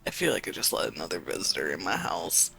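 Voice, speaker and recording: A streamer giving casual gameplay commentary on a horror game, laughing often, swearing and reacting loudly. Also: sits low, big pitch swings, fast, vocal fry.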